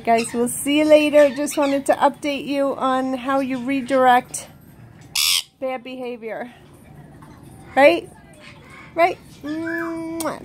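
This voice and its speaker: A woman vlogging at home with her parrots, laughing often and cooing to her bird in baby talk. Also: sits high. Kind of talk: casual vlog talk. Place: home with pet birds. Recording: noisy, squawking birds behind.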